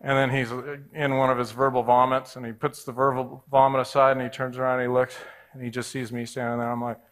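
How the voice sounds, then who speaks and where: A man in his forties, a pastor preaching a storytelling sermon, swinging between hushed asides and loud, excited bursts. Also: medium pitch, fast. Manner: animated, jumps between hushed and loud, acts out voices.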